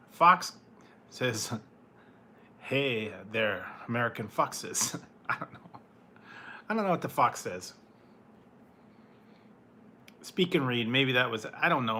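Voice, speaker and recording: A man's voice: mid-range voice, sharp tone. A man hosting a casual food-review livestream, chatting with viewers, laughing often and greeting people by name. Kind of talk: casual live chat with viewers.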